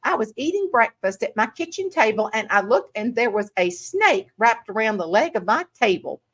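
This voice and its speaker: A woman's voice: fairly high pitch, big pitch swings, normal speed, fairly bright tone. A woman doing a sweet old Southern belle teacher. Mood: confiding.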